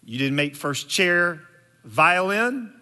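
A man giving a sermon, telling a story slowly and deliberately with frequent pauses and fillers. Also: high-pitched, sing-song, sharp tone, long reverb tail. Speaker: preacher.

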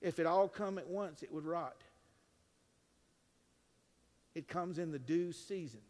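A man preaching a sermon as pastor, swinging between hushed and loud lines with joking asides. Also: a little high, normal speed. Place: church sanctuary. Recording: long reverb of a large church.

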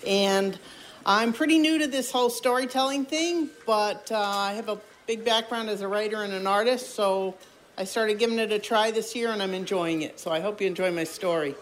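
A woman's voice: mid-range voice, moderate pace, slight background noise, low-quality recording. A woman introducing herself before telling a story on stage, speaking in a friendly but hesitant way with many ums and uhs.

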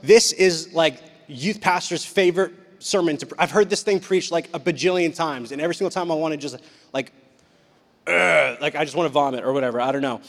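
A young man preaching a casual youth sermon as a youth pastor, chatty and animated, acting out voices as he talks. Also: a little high, fast. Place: church sanctuary. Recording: long reverb of a hall.

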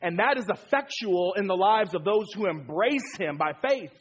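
Man, pastor, sermon, emphatic, repeats phrases, high voice, husky tone. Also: animated, normal speed.

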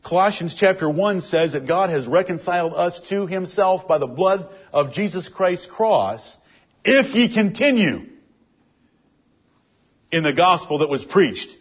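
High, lively-voiced husky man teaching scripture. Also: unhurried. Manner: emphatic, reads and explains scripture verses. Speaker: Bible teacher. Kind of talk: verse-by-verse Bible teaching. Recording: dull lo-fi recording.

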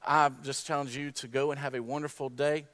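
Man, sermon, storytelling preacher, fervent exhortation, mid-pitched voice, quiet prayer at the end. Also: flat delivery, a little fast. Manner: storytelling, climbs to impassioned exhortation. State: tearful at times. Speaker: speaker at a graduation service.

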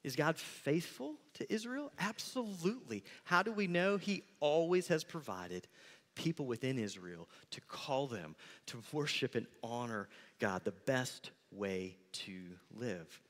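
A man preaching a sermon as pastor, conversational and animated, acting out quick asides. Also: medium pitch, long reverb tail.

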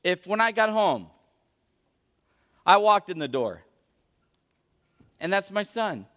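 A man's voice: sits high, very animated, takes it slowly, a bit bright. A young adult man preaching a sermon as a pastor, earnest and emphatic. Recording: echoey hall.

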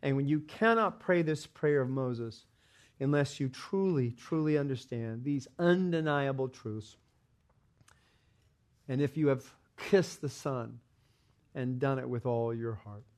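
A man preaching a sermon, telling a parable dramatically and acting out the characters' lines. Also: medium pitch. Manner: dramatic retelling of a parable, voicing characters with rising intensity; quiet, slow and reverent in prayer. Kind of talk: sermon storytelling and prayer.

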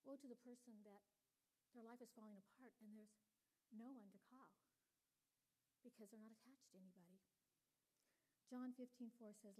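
An older woman gives a sermon in an earnest, personal teaching manner. Her voice sits fairly high for a woman, and she talks to her listeners directly and warmly, like a teacher. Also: moderate pace, pauses often, rough recording. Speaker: women's ministry speaker.

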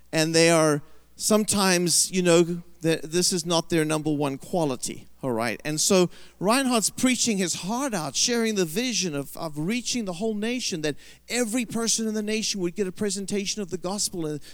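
A British man preaching, telling a long story in an animated way and putting on the voices of its people. His voice sits high. The recording is dry and close. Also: no room sound. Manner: animated, acts out quoted voices. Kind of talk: sermon storytelling.

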